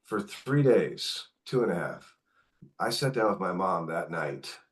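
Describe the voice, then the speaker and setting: A man's voice: low-pitched, unhurried. A middle-aged man, a podcast guest, candidly recounting caring for his mother, acting out the dialogue as he goes. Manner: candid, animated retelling with quoted dialogue. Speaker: podcast guest, author and caregiver. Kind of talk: conversational storytelling.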